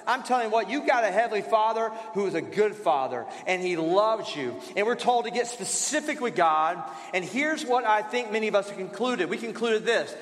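A man's voice: high voice, lively intonation, a little fast, hardly any pauses, a bit bright. A man preaching a sermon as pastor, in a conversational style with rhetorical questions and repetition. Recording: roomy hall reverb.

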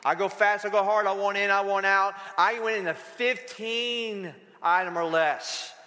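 Animated high-voiced preacher man. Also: long reverb tail. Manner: animated, acts out little dialogues with the crowd. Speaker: pastor. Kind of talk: sermon. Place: church sanctuary.

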